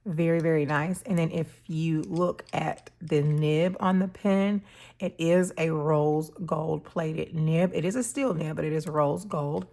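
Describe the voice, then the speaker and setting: Slow-talking woman with a gravelly voice. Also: deep voice. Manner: slow, relaxed, chatty with fillers and soft laughs. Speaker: stationery channel host. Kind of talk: casual unboxing and pen demo.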